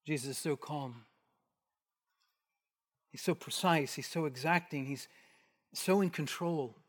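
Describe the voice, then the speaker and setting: A male preacher with a fairly high voice gives an expository sermon. He repeats phrases for emphasis and sinks to near whispers to make points land. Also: a little slow. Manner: emphatic, repetitive, with hushed drops for weight.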